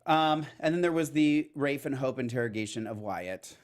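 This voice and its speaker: A man co-hosting a recap podcast in casual chat, at a middle pitch. He drops sassy, dismissive asides as he goes. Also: lively intonation, normal speed. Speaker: podcast co-host.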